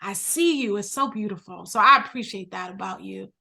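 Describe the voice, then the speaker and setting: A woman's voice: mid-range voice, a little fast, vocal fry, bright, forceful tone. A woman guest, an entrepreneur and coach, chatting animatedly and emotionally with a friend, often laughing. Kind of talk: casual chat among friends.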